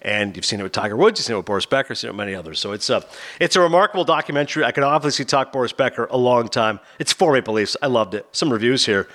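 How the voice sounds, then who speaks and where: Fast-talking male podcast host. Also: medium pitch. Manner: animated retelling with quoted voices. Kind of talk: casual review of a documentary.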